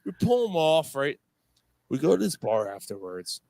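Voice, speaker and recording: A foul-mouthed man tells a wild story in loose, animated chat, cursing at every turn and laughing along. His voice sits a little high for a man. The recording is dry and close, with almost no room sound. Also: moderate pace, gravelly, no room sound. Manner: animated, profane, swears constantly, laughs through the story. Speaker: podcast host.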